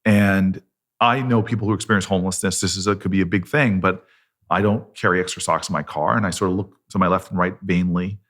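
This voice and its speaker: Middle-aged guy, lowish voice, earnest storyteller, pokes fun at himself. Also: steady tone, a little fast, fairly bright tone. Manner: earnest, self-deprecating, laughs while telling. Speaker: senator, podcast guest. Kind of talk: conversational storytelling.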